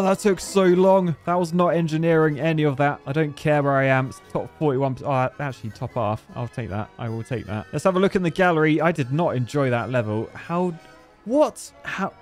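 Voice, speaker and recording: A man giving excitable gameplay commentary, talking to himself and swinging between muttering and sudden yelps. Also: mid-range voice. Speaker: game commentator.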